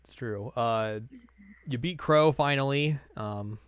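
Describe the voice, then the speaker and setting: A man's voice: mid-range voice, slow, smooth, no echo. A man co-hosting a podcast, recapping in a rambling, filler-heavy casual chat. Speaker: podcast co-host.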